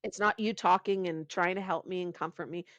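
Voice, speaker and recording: A woman guest on a podcast interview, talking in an animated, conversational way, often laughing and restarting her sentences. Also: on the low side, brisk, dry recording, lo-fi sound. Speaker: podcast guest, pain reduction coach.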